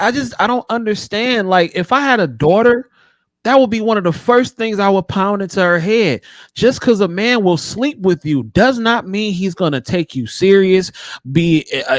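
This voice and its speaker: Man, podcast host, high voice, very lively pitch, acts out quotes. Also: dry recording, studio quality. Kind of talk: casual podcast chat.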